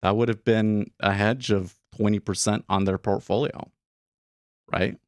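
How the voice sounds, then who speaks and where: A man's voice: on the low side, fairly even intonation, measured pace, dry recording, clean studio sound. A man hosting a day trading livestream, talking casually and rambling with lots of fillers and restarts. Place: home studio room.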